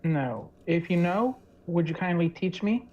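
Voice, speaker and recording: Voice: medium pitch, expressive, a little slow, darkish tone, highs cut off, natural voice. A player voicing a polite, out-of-town male adventurer asking for herbs in a tabletop game. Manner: polite, formal address. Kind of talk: tabletop role-play in character.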